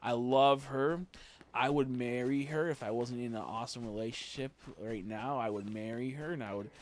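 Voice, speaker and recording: A man's voice: medium pitch, fairly even intonation, normal speed, slight background noise. A young man streaming a game, chatting casually in a rambling, crude and joking way.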